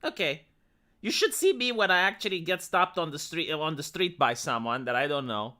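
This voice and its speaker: Animated, bright-voiced young man streaming. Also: on the high side, normal speed. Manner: blunt, swears a lot, answers chat. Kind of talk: casual live-stream chat.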